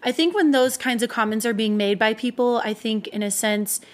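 A woman's voice: on the high side, brisk. A young woman in frank, casual chat who swears and laughs easily.

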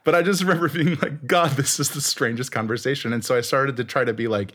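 A man's voice: medium pitch, fast talker. A man guest in a casual interview, telling stories animatedly, laughing and acting out what people said. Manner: animated, laughing, acts out quotes.

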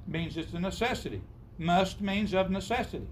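Male preacher, high-pitched, emphatic sermon delivery with rhetorical questions. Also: a little fast, slight background noise. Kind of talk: sermon to a congregation.

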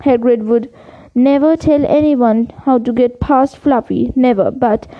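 High-voiced woman reading aloud. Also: unhurried. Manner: stumbles and restarts words. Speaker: audiobook reader. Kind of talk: storybook read-aloud. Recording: dull lo-fi recording.

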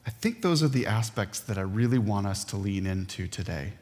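A man preaching a sermon as a pastor, earnest and emphatic, with dramatic pauses. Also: on the low side, expressive, darkish tone. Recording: long hall reverb.

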